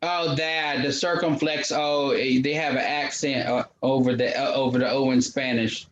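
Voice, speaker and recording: A man's voice: mid-range voice, steady tone, normal speed, a bit bright. Man on a dull, lo-fi line. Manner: explains patiently, mixes in Portuguese words. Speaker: native-speaker conversation partner. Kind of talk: casual conversation.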